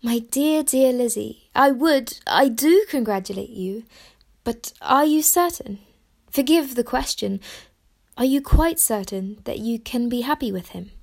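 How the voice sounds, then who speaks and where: Woman doing a gentle, earnest elder sister. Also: on the high side, measured pace, creaky, voice pushed up. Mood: tender.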